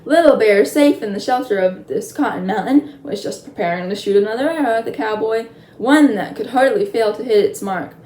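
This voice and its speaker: A woman reading a children's chapter book aloud in a lively way, adding chatty asides. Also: a little high, a little fast, slight background noise. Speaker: storyteller. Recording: roomy echo.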